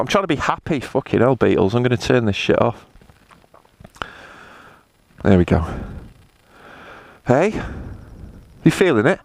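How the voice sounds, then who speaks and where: A man's voice: mid-range voice, big pitch swings, a little slow, gravelly, long pauses, no room sound. A man rambling crudely and comically while riding a motorbike. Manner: profane, rambling, self-mocking banter. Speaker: motorbike vlogger. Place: riding a motorbike outdoors on roads. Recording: loud engine and road noise. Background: engine and traffic noise.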